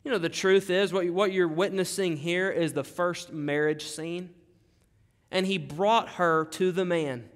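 A man's voice: high-pitched, steady tone, a little slow. A male pastor preaching a sermon, emphatic and dramatic, repeating key phrases. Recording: long hall reverb.

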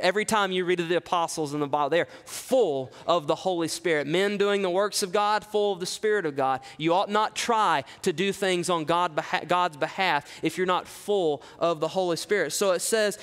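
Male pastor, high voice, expository sermon with dramatic readings, long hall reverb. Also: moderate pace. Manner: preaching with dramatic scripture reading, rising loud on quotes, dropping low for asides.

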